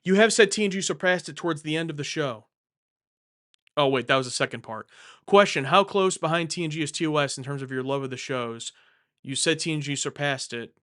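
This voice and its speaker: A young man hosts a live question-and-answer stream from home, rambling and joking as he answers viewers. His voice is smooth and clear and sits a little high for a man. He often restarts and corrects himself as he talks. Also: a little fast, a bit bright. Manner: rambling, self-correcting, jokey. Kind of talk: casual live Q&A chat.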